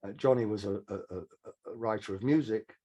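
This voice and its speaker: A man's voice: fairly low pitch, a little fast, warm tone. An older man, a songwriter telling frank, rambling anecdotes in an interview. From Manchester, England. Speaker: songwriter guest. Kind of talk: casual interview storytelling.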